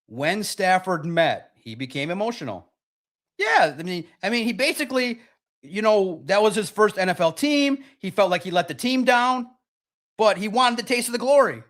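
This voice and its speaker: Higher-voiced man ranting on a sports stream. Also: moderate pace. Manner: animated, sarcastic, rambling. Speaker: sports talk host. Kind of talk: live-stream sports talk, reading chat.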